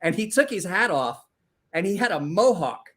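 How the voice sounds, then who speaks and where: A man's voice: high-pitched, big pitch swings, moderate pace, a bit bright, slightly rough. A man in his forties, a podcast host telling stories in casual chat, rambling and profane, with restarts.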